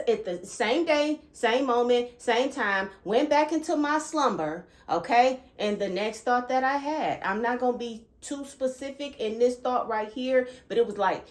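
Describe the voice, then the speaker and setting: A woman hosting her own channel, talking earnestly about spiritual experiences and often checking in with listeners by asking "okay?". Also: fairly high pitch. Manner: animated and emphatic when recounting disturbing thoughts. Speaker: channel host. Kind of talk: earnest spiritual vlog talk.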